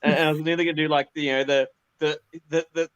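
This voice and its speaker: A man's voice: a little high, little pitch movement, fast talker, rough recording. A man joining a livestream as a guest, chatting playfully and rambling as he loses his words. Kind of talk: casual chat on a video call. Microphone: video call.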